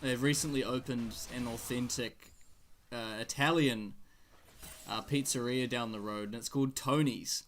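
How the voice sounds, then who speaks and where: A man casting a live esports match play-by-play, his excitement climbing in big fights, with jokey asides between plays. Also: mid-range voice. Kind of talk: live game commentary.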